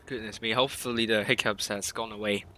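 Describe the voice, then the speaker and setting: A man's voice: fairly low pitch, steady tone, quick pace, pushed and bright. A man casting a competitive online tank game live, talking through the play with rambling restarts and self-corrections. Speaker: esports caster.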